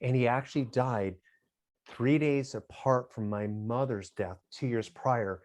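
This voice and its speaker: A middle-aged man, a guest on an interview, talking in a halting, reflective way and smiling a lot as he speaks. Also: medium pitch, a little mellow. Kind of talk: casual interview talk.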